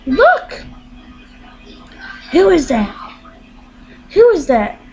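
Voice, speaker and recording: Young woman, high voice, swooping sing-song, teasing, casual home video. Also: animated, unhurried. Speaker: daughter filming.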